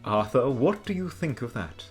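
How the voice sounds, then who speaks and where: Brief: gentle young man put on by a man, hammy Scottish accent, lively pitch. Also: normal speed, faint music behind, lightly acted.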